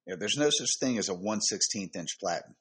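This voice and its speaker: A male podcast host with a slightly husky voice cuts in with quick joking asides. His intonation swings widely as he reacts during casual chat. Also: on the low side, lively intonation, a bit bright. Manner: chimes in with short joking asides.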